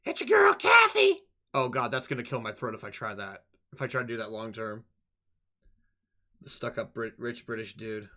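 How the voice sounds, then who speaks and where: A man's voice: fairly low pitch, little pitch movement, moderate pace, sharp tone. A man streaming a game live, chatting casually, swearing and laughing at himself. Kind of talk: live gameplay commentary.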